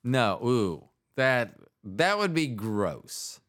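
A man's voice: mid-range voice, big pitch swings, extremely slow, fairly bright tone. A man hosting a podcast, telling jokes and rambling in casual chat, often trailing off mid-sentence. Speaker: podcast host.

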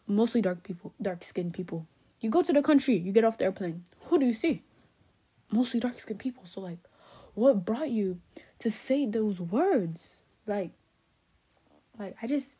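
Young woman, Haitian roots, sassy, chatty rant, mellow husky voice. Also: a little high. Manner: sassy, animated, lots of fillers. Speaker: vlogger. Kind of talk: casual opinion rant.

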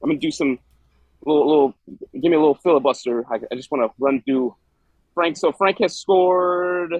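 A man co-hosting a podcast, talking in a rambling, animated way with frequent restarts. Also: medium pitch, quick pace, slightly rough, no room sound, poor audio. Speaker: podcast co-host. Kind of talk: casual chat.

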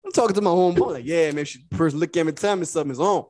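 A man's voice: fairly high pitch, very fast, a little mellow, dry recording, studio quality. A young man co-hosting a podcast, telling a profane story and acting out both sides of it. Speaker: podcast co-host. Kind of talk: casual storytelling.

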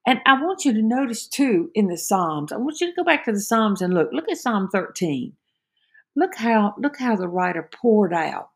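Husky, gravelly woman giving a devotional. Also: medium pitch, animated, moderate pace. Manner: earnest, repeats words when starting phrases. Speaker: devotional speaker. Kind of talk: devotional talk.

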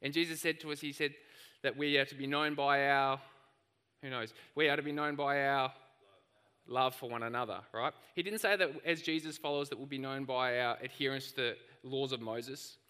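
A man preaching a sermon, telling stories in an animated, lively way. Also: mid-range voice, moderate pace, clear, resonant tone, long reverb tail. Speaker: pastor.

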